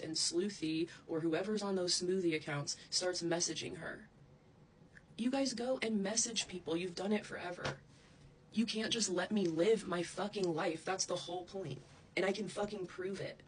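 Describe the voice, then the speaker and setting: A woman's voice: on the low side, normal speed, slight background noise, poor audio. A woman ranting angrily straight to camera, heated and profane, wandering off into asides. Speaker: social media creator. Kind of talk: angry direct-to-camera rant.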